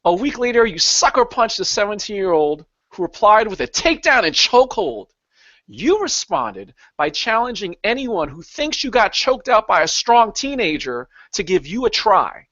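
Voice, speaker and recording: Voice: medium pitch, very animated, moderate pace, fairly bright tone, no echo. A podcast host on a video call, asking pointed, teasing questions in a casual chat. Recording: dull, dry online call audio.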